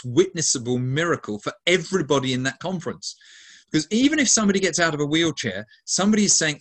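A man's voice: on the high side, a bit bright, breathy edge. A man leading a Christian ministry, answering interview questions in an earnest way, often restarting and stacking lists of emphatic words. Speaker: ministry leader.

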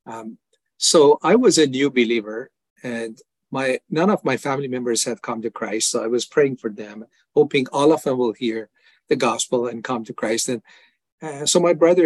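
A man's voice: medium pitch, dry recording. An older man from Iran, giving his personal testimony as an interview guest in an earnest, emphatic way. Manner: earnest, emphatic, acts out his prayers and replies in a raised voice. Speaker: ministry founder, interview guest.

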